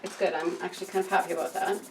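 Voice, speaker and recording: Woman thinking aloud, gravelly, distant mic. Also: on the low side, level tone, racing. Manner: self-talk, thinking aloud, frequent hesitations. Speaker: self-taught painter. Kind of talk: casual narration while painting. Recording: distant mic with clear background noise.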